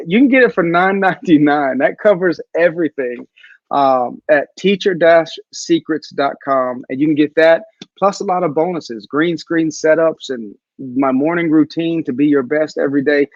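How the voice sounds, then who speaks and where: A man speaking as a guest in a video call interview, an animated storyteller who acts out the voices he quotes. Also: on the high side, no echo, highs cut off.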